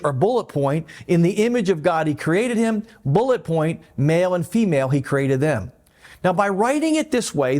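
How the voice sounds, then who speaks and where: A man teaching a Bible lesson as pastor, explaining and animated, with light asides. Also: a little high. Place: church.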